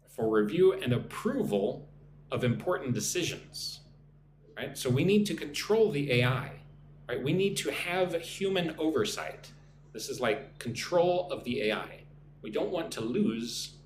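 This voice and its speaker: On a live stream from a room in Vietnam, a medium-pitched man teaches English vocabulary, reading viewer comments aloud, greeting people, and drilling pronunciation. He often tacks on "right?", and the audio sounds roomy with a little hiss or hum.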